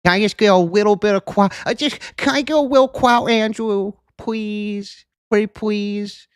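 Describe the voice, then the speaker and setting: A man mimicking a whiny grown man who begs for attention in a squeaky, pleading voice. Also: fairly even intonation, normal speed, smooth, no room sound, clean studio sound, close to an everyday voice. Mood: whiny begging.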